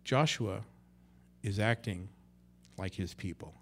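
Male pastor, conversational sermon, mid-pitched voice, dynamic loud-soft delivery, acts out quotes. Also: expressive, normal speed, pauses often, a little hiss or hum. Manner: conversational, swings between loud and hushed.

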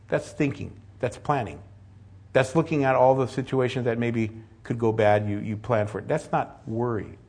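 A middle-aged man preaching from the pulpit, his voice slightly husky. He talks earnestly and steadily, then pushes up to forceful, emphatic peaks. His pitch stays in a middle range for a man. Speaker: pastor. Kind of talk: sermon.

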